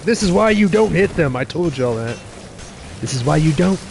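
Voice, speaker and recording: A young male game streamer with a slightly high voice talks fast and loose over live gameplay. He laughs often, swears casually and calls out to his chat, all while nursing a sore tooth. Faint noise hums under the recording. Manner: excitable, laughing, swearing, chatting with viewers.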